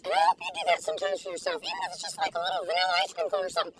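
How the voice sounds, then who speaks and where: A woman's voice: very high voice, lively intonation, very fast, distant mic, a little hiss or hum, low-quality recording. An older woman reviewing food in a casual video, gushing, giggly and full of exclamations, recorded in her car. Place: inside a parked car.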